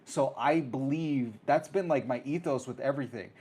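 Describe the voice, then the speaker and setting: Man telling a story, animated. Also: medium pitch, normal speed, breathy edge. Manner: animated, acts out quoted voices. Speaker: host. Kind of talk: casual storytelling monologue.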